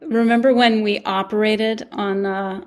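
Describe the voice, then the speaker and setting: Soft-spoken, thoughtful woman. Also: mid-range voice, fairly even intonation, measured pace. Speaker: actress reminiscing with former castmates. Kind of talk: casual chat.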